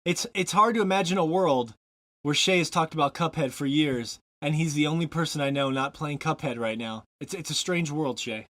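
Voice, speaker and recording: A man's voice: a little high, moderate pace, a bit bright, no room sound. A man from Montana hosting a casual podcast, rambling and joking, laughing often between fillers. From Montana, USA. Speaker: podcast host.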